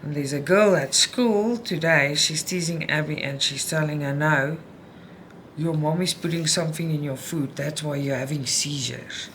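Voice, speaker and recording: A middle-aged woman vlogging about cross-stitch at home, upset and frustrated, venting in a halting way with many restarts. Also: sits low, fairly bright tone, slight background noise. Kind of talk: casual chat while stitching.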